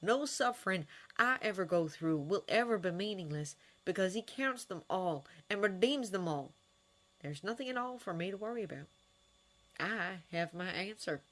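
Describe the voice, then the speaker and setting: A woman voicing a kind, wry adult man who is a doctor and mentor, speaking earnestly and with gentle teasing. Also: medium pitch, expressive, normal speed, voice pushed up, natural voice. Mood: tender.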